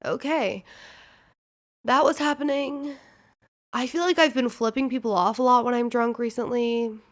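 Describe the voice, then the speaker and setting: A woman's voice: on the high side, steady tone, normal speed. A woman in her twenties hosting a podcast, telling a rambling story in a chatty, casual way full of fillers. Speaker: podcast host.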